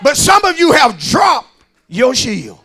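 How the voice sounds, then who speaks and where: A man, a pastor preaching a sermon in a church, shouting in a rhythmic, sing-song way and calling out to the congregation. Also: very high-pitched, wildly swooping pitch, takes it slowly, husky, a faint crowd.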